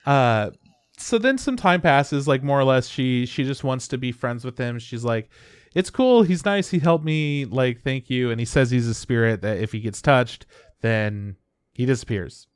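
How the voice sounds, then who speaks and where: A man's voice: medium pitch, clear, resonant tone, no echo, studio quality. A young man hosting a podcast, casually retelling an anime plot, swearing freely and briefly acting out the characters. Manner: loose, swearing, acts out characters in quick voices. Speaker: podcast host. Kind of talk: casual chat recapping an anime.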